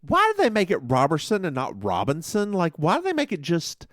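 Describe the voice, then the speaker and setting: A man's voice: a little high, huge pitch swings, fairly quick, a bit bright, dry recording. A man co-hosting a podcast, casually and playfully recapping a TV episode on a close studio mic. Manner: playful, jokey, mimics characters. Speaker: podcast co-host.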